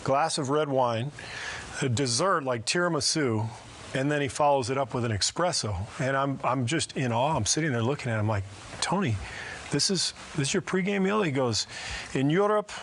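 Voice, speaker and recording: A man's voice: medium pitch, lively intonation, moderate pace, fairly bright tone, a little hiss or hum. Chuckling man telling a story. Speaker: former basketball player. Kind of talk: casual anecdote.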